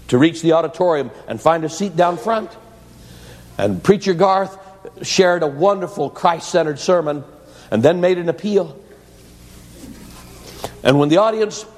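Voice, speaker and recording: A man preacher telling a story in an earnest, dramatic sermon that flows into prayer, in an echoey church hall. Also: a little high.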